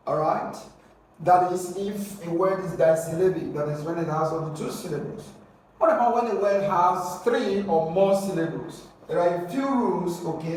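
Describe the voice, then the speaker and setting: A man's voice: a little high, a little mellow, slight background noise. A man teaching an exam-prep lesson who spells words out letter by letter and keeps checking in with rhetorical questions. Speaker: English teacher. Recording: very echoey room, mic at a distance.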